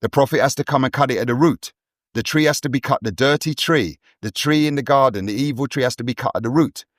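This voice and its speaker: A man's voice: medium pitch, fast, dry recording, studio quality. A man holding forth on a podcast in a preachy, emphatic way, hammering his points with repetition. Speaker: podcast co-host. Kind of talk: forceful monologue.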